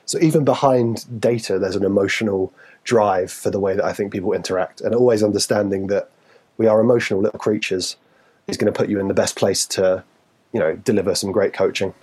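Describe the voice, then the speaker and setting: A man with a Geordie accent chatting casually as a fitness podcast co-host, acting out quotes in sudden high voices. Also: brisk, husky. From Newcastle, England. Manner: animated, acts out quotes with sudden high pitch. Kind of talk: casual chat.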